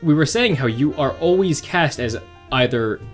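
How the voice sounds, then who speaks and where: A man's voice: fairly high pitch, animated, normal speed, faint music behind. A young man co-hosting a college radio show, joking and teasing his co-host. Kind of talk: casual radio chat.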